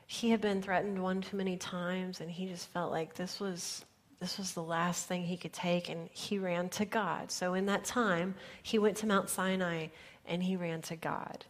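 A woman pastor giving an earnest sermon, often dropping her voice to a soft near-whisper for emphasis. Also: fairly low pitch, steady tone, unhurried.

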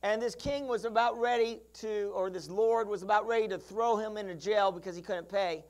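A preacher delivering a sermon in a lively storytelling manner, acting out characters as the story unfolds. The voice sits at a middle pitch and keeps calling out to the congregation for answers, often restarting phrases and adding asides along the way. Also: normal speed. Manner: calls out to the congregation for responses. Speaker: pastor.

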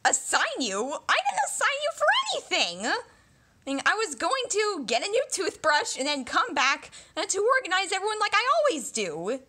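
A woman's voice: very high-pitched, huge pitch swings, normal speed, bright, forceful tone, a little hiss or hum, pitched above the performer's own voice, exaggerated voice. A woman voicing a self-assured young woman team leader who talks in a breezy, matter-of-fact way in a homemade paper-cutout drama.

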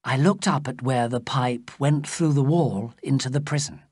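A narrator reading a graded story aloud slowly and plainly for English learners. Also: dry recording, clean studio sound. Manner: slow, clear storytelling with lively pitch. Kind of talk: slow scripted audiobook narration for English learners.

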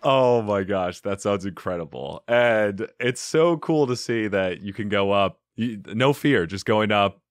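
A man's voice: lowish voice, dry recording. Upbeat podcast host man, dry sound. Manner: upbeat, jokey, quick to laugh. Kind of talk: casual interview chat.

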